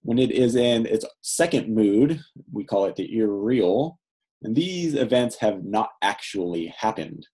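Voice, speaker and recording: A man's voice: lowish voice, animated, unhurried, dark tone, rough recording. A middle-aged man teaching Hebrew grammar in a lecture, explaining patiently and checking in with "right?" often.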